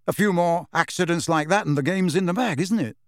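A man's voice: a little high, fairly quick, no room sound, pitched above the performer's own voice, natural voice. Harry, a man doing a firm bracing teenage boy.

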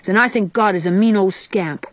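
A woman's voice: medium pitch, moderate pace, dry recording, natural voice. A woman reading the part of a defiant nine-year-old boy who talks back recklessly and boasts.

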